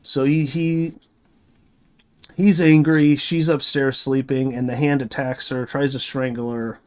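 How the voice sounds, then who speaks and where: A man's voice: mid-range voice, level tone, a little slow, smooth. Rambling man recapping a movie plot. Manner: rambling, many fillers and restarts. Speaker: movie reviewer.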